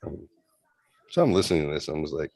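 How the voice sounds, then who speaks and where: A man's voice: extremely low pitch, expressive, quick pace, gravelly, darkish tone, no room sound. A man telling a rambling spooky story in a casual way, slipping into raised voices for the people in it. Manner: rambling, acts out voices in quotes. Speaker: host retelling a story.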